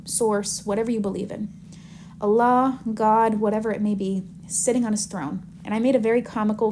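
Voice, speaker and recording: A woman manifestation coach teaching in a live Q&A, animated and chatty as she tells stories. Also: mid-range voice, a little hiss or hum.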